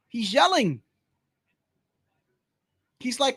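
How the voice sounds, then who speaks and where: Male streamer, high-pitched, slangy and blunt, casual live fight commentary, dry close mic. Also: expressive, unhurried, pauses often, fairly bright tone, no room sound. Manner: slangy, says "bro" constantly, blunt and opinionated.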